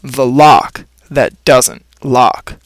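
A man reading a children's storybook aloud in a playful, expressive first-person narration. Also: medium pitch, very slow, dry recording. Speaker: audiobook narrator.

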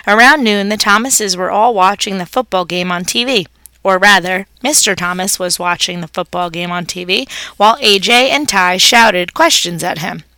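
A woman's voice: medium pitch, normal speed, pushed and bright, no room sound. A woman reading a children's story aloud, narrating expressively as a pet hamster.

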